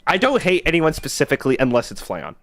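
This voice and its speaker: Animated sarcastic male streamer. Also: on the high side, quick pace, dry recording, faint music behind. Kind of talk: casual live-stream chat.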